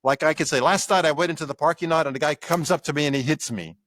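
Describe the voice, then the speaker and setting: An older man, a guest scholar in an interview, explaining with lively examples and acted-out quotes. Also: on the high side, quick pace, dry recording. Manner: animated explainer acting out examples.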